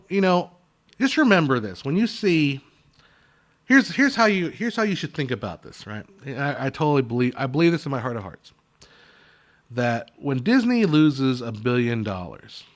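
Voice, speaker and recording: A man answering viewer questions in a casual, opinionated chat, rambling with lots of restarts and asides. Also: medium pitch.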